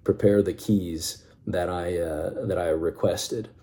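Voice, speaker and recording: A man voicing a smiling, gracious male company CEO who speaks warmly and courteously. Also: deep voice, fairly even intonation, slow pace.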